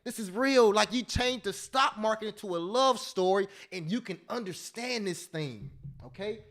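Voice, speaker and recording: A man with a high-pitched voice teaches a live options trading class at a moderate pace. Excitable and repetitive, he speaks straight to his viewers and breaks into snatches of love songs.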